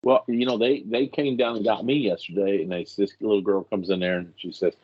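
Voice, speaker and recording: A man's voice: on the low side, fast, few pauses. A man on a podcast telling a story in casual chat, acting out the people he quotes. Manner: animated, acts out quoted voices. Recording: slightly dull lo-fi sound.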